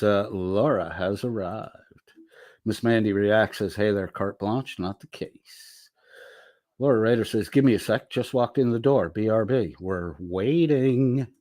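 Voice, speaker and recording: A man's voice: lowish voice, a little mellow, no room sound, studio quality. A middle-aged man hosting a casual livestream, reading out chat messages and answering them with loose, profane banter. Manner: slow, drawling, profane banter.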